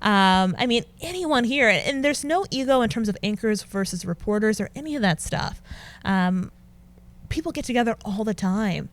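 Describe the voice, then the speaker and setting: A young adult woman, a news anchor, chatting as a guest and telling animated stories with frequent laughter. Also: mid-range voice, normal speed. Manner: animated storyteller, laughs often. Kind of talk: casual interview chat.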